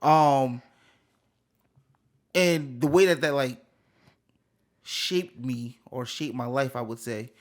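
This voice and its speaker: A young man co-hosting a podcast, talking casually and animatedly, with loud bursts and laughs. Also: mid-range voice, takes it slowly, pauses often. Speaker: podcast co-host. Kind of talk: casual chat.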